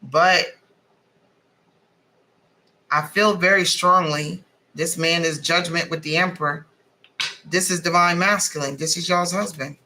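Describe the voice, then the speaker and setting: A woman giving a casual tarot card reading, blunt and animated, swearing freely as she talks. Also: fairly low pitch, unhurried, pauses often, slight background noise, low-quality recording. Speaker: tarot reader.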